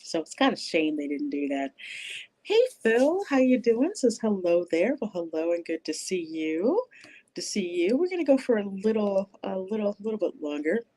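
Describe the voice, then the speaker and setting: A woman's voice: mid-range voice, sing-song, moderate pace, mellow. A woman hosting a livestream, chatting casually and reading viewer comments aloud, rambling with lots of fillers and restarts. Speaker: livestream host reviewing a movie.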